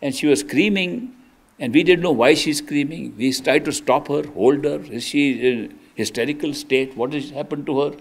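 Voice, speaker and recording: Older man, spiritual teacher, earnest storytelling sermon, slightly high voice. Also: moderate pace, creaky. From India. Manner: earnest, emphatic with restarts.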